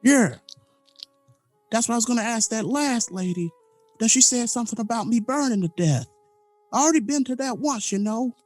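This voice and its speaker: A man doing a young male student with a raised, boyish pitch and loose, folksy grammar. He comes across as earnest and a little rough around the edges, with faint music underneath. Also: animated, normal speed, long pauses, a little mellow, no echo.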